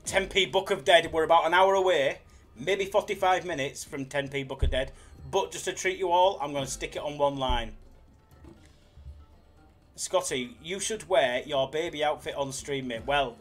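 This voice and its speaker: A young man hosts a casual live stream, chatty and jokey as he reads out viewers' messages. His voice sits a touch high, and faint background music plays behind him. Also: moderate pace, a bit bright. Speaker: slots live streamer, host.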